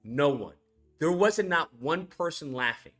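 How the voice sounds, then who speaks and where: A man reviewing a film in a casual rant, animated and profane, laughing as he recaps scenes. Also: a little high, measured pace, faint music behind.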